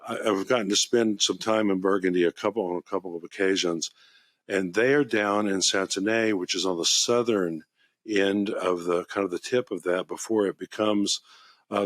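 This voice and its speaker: A man hosting a wine podcast in casual chat, an enthusiastic, rambling storyteller who gets excited about his subject. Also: deep voice, normal speed, no echo. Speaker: wine shop podcast host.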